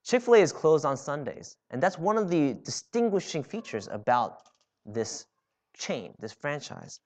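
A man's voice: fairly high pitch, big pitch swings, unhurried, a little mellow. A man preaching a sermon in a church, talking casually and often checking in with "right?". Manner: conversational with frequent "right?" asides. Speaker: pastor.

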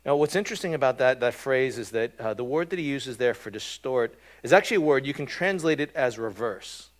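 Guy giving a chatty sermon, mid-pitched voice, lots of "right?" and "um" as he explains stuff. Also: animated, brisk. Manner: conversational, frequent "right?" and "um" fillers. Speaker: pastor.

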